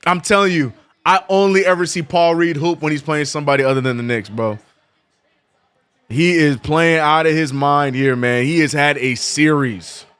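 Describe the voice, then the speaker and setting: A man hosting a live watch-along stream, chatting casually with his chat and breaking into excited play-by-play calls. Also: fairly high pitch, smooth. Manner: laid-back banter, reads chat aloud, gets loud and drawn-out calling plays.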